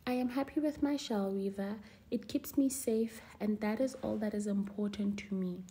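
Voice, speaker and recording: Calm content old tortoise guy, plain and steady, mellow voice, woman reading it. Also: medium pitch, normal speed, close to an everyday voice.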